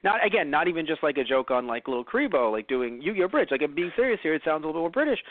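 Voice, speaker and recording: A man's voice: fairly high pitch, sing-song, fast talker, no echo. Chatty American man, thin phone-like sound. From United States. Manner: rambling, chatty, many fillers and restarts. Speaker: podcast co-host. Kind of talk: casual chat.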